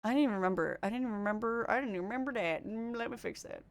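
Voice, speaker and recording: A woman's voice: a little high, very fast. A woman streaming casually while doing her makeup, chatting, laughing often and answering her chat. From Canada. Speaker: livestreamer.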